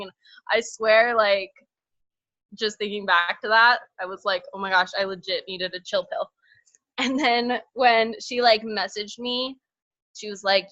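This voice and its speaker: A woman chatting casually about her own experience, bubbly and quick to laugh, full of "like" fillers. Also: on the high side, steady tone, bright, forceful tone, no room sound, lo-fi sound. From northern Idaho, US. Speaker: team member sharing her story. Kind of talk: casual chat.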